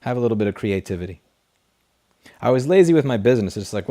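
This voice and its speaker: A man's voice: mid-range voice, lively intonation, fast talker, mellow. A man hosting a casual late-night livestream, reading chat questions and answering in a blunt, profane, rambling way through a desk microphone.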